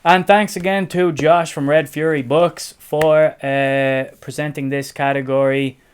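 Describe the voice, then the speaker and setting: A man co-hosting a casual book show, jokey and unhurried, with some swearing. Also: fairly high pitch, steady tone, smooth. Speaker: co-host. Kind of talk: casual chat.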